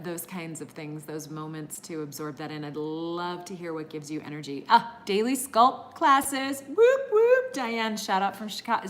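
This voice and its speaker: A middle-aged woman teaching a live-streamed energy healing class, chatting warmly and greeting viewers by name, with many fillers. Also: low voice, a little hiss or hum.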